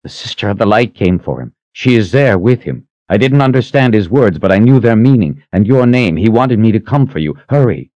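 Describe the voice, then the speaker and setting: A man voicing a male messenger who is out of breath and hurried, pressing someone to come quickly. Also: fairly low pitch, very animated, darkish tone, no room sound, lo-fi sound, pitched above the performer's own voice. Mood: urgent. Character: panting, urgent male messenger.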